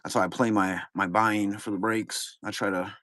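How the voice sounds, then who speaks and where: A man's voice: on the low side, flat delivery, normal speed, a bit bright, no room sound, studio quality. Laid-back man rambling on a stream. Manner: rambling, laid-back, talks to chat viewers. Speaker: card break streamer. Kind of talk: casual live-stream chat.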